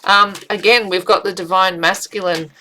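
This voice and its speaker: A middle-aged woman giving a casual spiritual tarot reading, chatty and animated, with frequent fillers and restarts. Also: medium pitch, normal speed, rough recording. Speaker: tarot reader.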